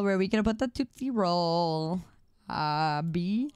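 A woman's voice: on the low side, expressive, a little slow, a little mellow, smooth, no echo, studio quality. A woman streamer chatting playfully with her viewers, repeating words in a sing-song drawl. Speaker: livestreamer. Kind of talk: casual live-stream chat.

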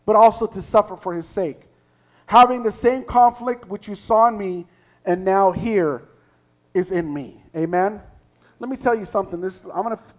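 Pastor, male, very high pitch; reads verses then preaches hard, shouting at peaks. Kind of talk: sermon. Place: church sanctuary.

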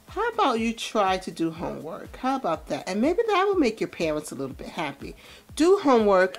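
A woman hosting a let's play, chatting casually and animatedly as she comments on her game. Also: medium pitch. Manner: chatty, animated, laughs often. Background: faint music.

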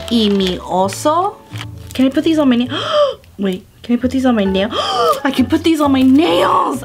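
A young woman hosting her own vlog, gushing and gasping through a casual unboxing chat, full of fillers. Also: a little high. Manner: bubbly and gushing, gasping often, filler-heavy with "like". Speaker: vlogger host.

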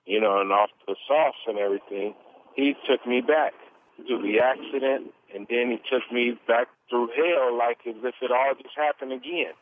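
A man giving an earnest, animated testimony as an interview guest, telling his story at length. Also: medium pitch, normal speed, a little hiss or hum. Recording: tinny phone line.

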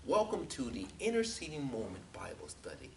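Pastor preaching from a distance. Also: male voice, medium pitch, wildly swooping pitch, brisk, vocal fry, a little hiss or hum. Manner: builds from quiet reflection to loud, emphatic preaching with frequent "amen". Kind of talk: Bible study sermon.

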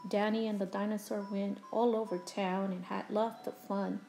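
A woman teacher reading a children's picture book aloud to her pupils, slow and expressive. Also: medium pitch, gravelly, soft background music, rough recording. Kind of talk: children's storybook read-aloud.

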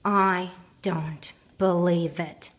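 A woman's voice: lowish voice, expressive, slow. Woman doing a grumbling big papa bear. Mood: weary. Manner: grumbling, huffy, gentle at heart. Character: grumpy but loving big male bear.

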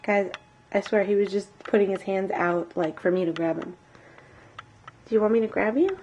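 A woman's voice: mid-range voice, moderate pace, long pauses, a little mellow, lo-fi sound, a little hiss or hum. A mother vlogging at home, coaxing her baby in sing-song baby talk and chatting to the camera. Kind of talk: casual vlog chat.

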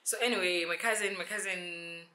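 A young woman telling a storytime vlog, animated and acting out the dialogue in shifting voices. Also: fairly low pitch, brisk. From South Sudan. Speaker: YouTuber.

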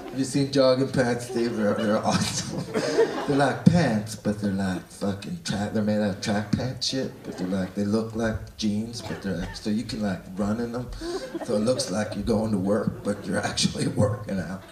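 A Canadian man in his forties doing profane stand-up, rambling and swinging between mumbles and shouts. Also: lowish voice, normal speed, distant mic, noisy background. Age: 40s. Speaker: stand-up comedian. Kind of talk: stand-up comedy set. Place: comedy club stage. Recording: roomy live venue, mic off-axis, loud crowd laughter. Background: audience laughing.

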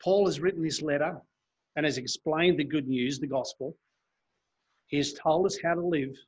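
Male preacher, slightly high and husky, earnest sermon reading scripture. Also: normal speed, a little mellow. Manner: earnest, reads scripture aloud and explains it. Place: church.

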